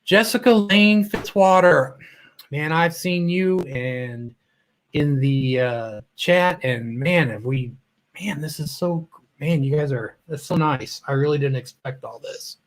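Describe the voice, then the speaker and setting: Hosting a casual live stream, this man speaks slowly in a voice on the high side. He greets viewers by name, sounds a little choked up, and often trails off mid-sentence.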